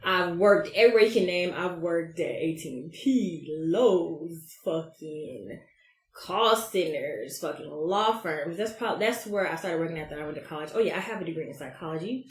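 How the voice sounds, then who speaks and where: A woman, hosting her own podcast in a brash, profane, animated way. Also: lowish voice, moderate pace, reverberant, slight background noise. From Georgia, US. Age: 30s. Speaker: podcast host. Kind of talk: casual solo podcast monologue.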